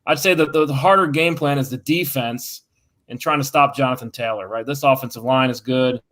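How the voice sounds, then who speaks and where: A man's voice: medium pitch, a little fast, fairly bright tone. A man giving plainspoken, conversational analysis on a casual sports show. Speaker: podcast co-host.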